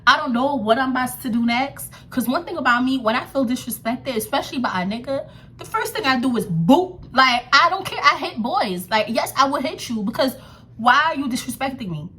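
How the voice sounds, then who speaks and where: A young woman tells a story in a slightly high voice, sassy and animated. She is full of slang and fillers. A faint low rumble sits behind her. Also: fairly quick. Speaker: storytime vlogger. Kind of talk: casual storytelling to camera.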